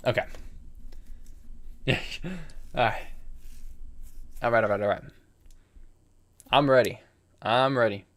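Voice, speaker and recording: A man's voice: mid-range voice, steady tone, slow, pauses often, a bit bright. A man streaming online chess, chatting casually and thinking aloud about his moves while answering viewers. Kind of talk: casual live-stream game commentary.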